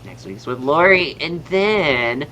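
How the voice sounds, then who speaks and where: Bright-voiced young Southern man, chatty. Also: on the high side, expressive, takes it slowly, a little hiss or hum, rough recording. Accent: Southern American. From American South. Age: young adult. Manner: chatty, upbeat, rambling with fillers. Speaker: podcast host and astrologer. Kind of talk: casual chat.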